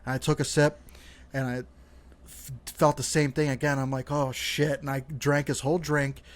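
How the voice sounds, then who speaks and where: A man's voice: mid-range voice, level tone, moderate pace. A young man co-hosting a casual podcast, telling a rambling story full of "like" and cursing. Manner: rambling storyteller, swears freely, many fillers like "like". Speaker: podcast co-host.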